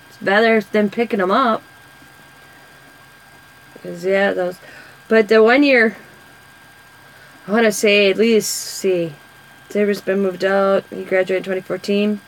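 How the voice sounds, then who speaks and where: A woman's voice: mid-range voice, rough recording. A woman, telling rambling stories in casual chat while coloring for her craft vlog. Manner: rambling, chatty storyteller. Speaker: craft vlogger.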